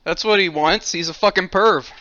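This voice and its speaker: Halting male player on a muffled mic. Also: high-pitched. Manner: hesitant, halting. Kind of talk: casual tabletop game chat. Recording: dull lo-fi voice chat with noise.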